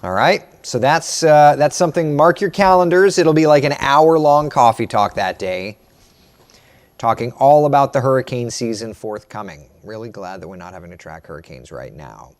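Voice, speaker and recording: A meteorologist hosting a casual live morning chat, reading viewer comments aloud and answering them. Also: male voice, medium pitch, animated, normal speed. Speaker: meteorologist host.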